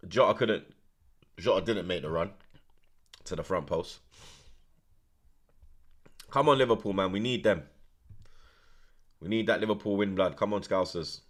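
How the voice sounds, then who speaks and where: Slangy man reacting to football. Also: lowish voice. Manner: slangy, swearing, bursts into shouting at goals. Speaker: football watchalong host. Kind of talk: live match reaction commentary.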